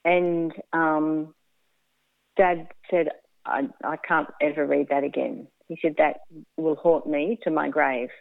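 This radio interview guest is a woman whose low, gravelly voice keeps a steady tone as she takes her time. Her personal story comes through candidly, with frequent laughter and acted-out quotes, over a tinny phone-like line that's dry, with no room sound.

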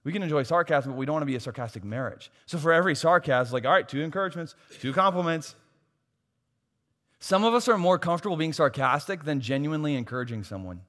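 Male pastor, sermon delivery, punchy repetition, slightly high voice, long hall reverb. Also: lively intonation, fast, a bit bright. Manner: emphatic preaching with repeated phrases and self-deprecating asides.

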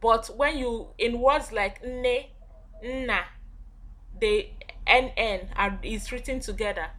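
A woman with an Igbo accent guides a language lesson in a slightly high voice. She explains patiently, stopping and restarting her sentences with little fillers as she thinks. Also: slow pace, fairly bright tone. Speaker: guest teacher.

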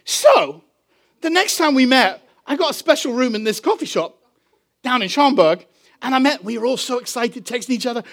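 A man with an English accent, a pastor telling a story in a sermon, animated and drawing out key phrases slowly for emphasis. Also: very high-pitched. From England.

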